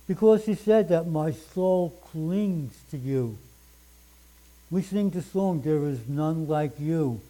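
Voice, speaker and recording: An older man preaching a sermon, reading scripture slowly and with emphasis. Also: a little high, mellow, low-quality recording.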